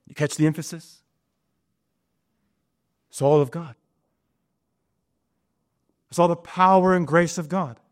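A man preaching a sermon, slow and emphatic, often asking his listeners rhetorical questions. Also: a little high, steady tone, no echo, studio quality. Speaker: pastor.

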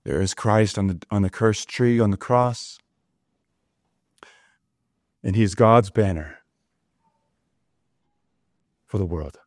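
A man preaching a sermon, slow and emphatic, often asking his listeners rhetorical questions. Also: lowish voice, no echo, studio quality. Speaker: pastor.

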